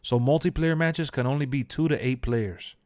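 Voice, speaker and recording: Young man streamer, slangy and animated. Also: medium pitch, normal speed, no room sound, studio quality. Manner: animated, jumps to shouts when quoting; loose slangy talk, answers chat, laughs often. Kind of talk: casual live-stream chat.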